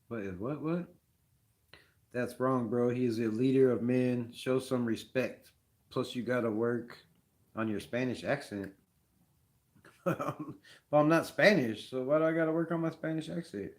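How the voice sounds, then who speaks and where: A man hosting a casual live sports talk stream, rambling and animated, peppering his talk with slang. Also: mid-range voice, unhurried, pauses often. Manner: rambling, animated, says "bro" a lot. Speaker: fan show host.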